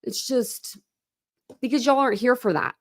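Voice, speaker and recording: A woman hosting a true crime channel, giving heated commentary on online drama. She swears freely, repeats herself when worked up, and reads documents aloud in a slow mocking tone. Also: fairly high pitch.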